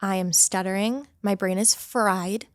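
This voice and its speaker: A woman's voice: medium pitch, fairly even intonation, a little slow, dry recording. A young woman esthetician and studio owner giving upbeat advice in a casual podcast interview.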